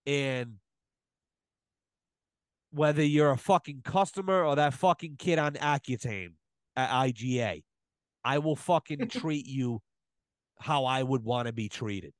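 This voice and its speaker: A man's voice: medium pitch, a little slow, pauses often, dry recording. A man telling stories in a casual podcast chat, profane and emphatic. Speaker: podcast guest, plumber.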